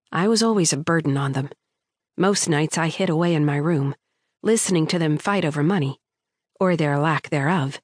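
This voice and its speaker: Low-voiced woman narrating an audiobook. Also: no room sound, studio quality. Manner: measured, storytelling delivery. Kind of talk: scripted first-person narration.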